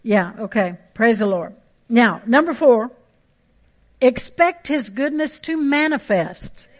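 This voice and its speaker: A woman delivers a sermon from the pulpit. Her voice sits high, and she drives each point home by repeating key phrases with conviction. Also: lively intonation, slow pace. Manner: emphatic preaching with repeated phrases. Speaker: pastor.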